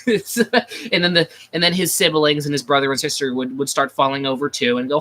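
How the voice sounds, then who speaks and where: A man's voice: on the high side, lively intonation, fairly quick, sharp tone. A man chatting casually on a livestream, rambling with many restarts, crude and self-mocking. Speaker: livestream host.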